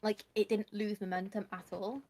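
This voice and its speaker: A young woman streaming and chatting casually about books. She talks at length and rambles as she explains things, in a voice of ordinary pitch for a woman. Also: flat delivery, moderate pace, a little mellow.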